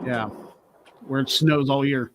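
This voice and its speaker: A man's voice: mid-range voice, fairly even intonation, unhurried, background noise. A man hosting a casual talk show, reading out odd laws and joking about them. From Pennsylvania. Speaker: podcast host. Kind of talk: casual chat.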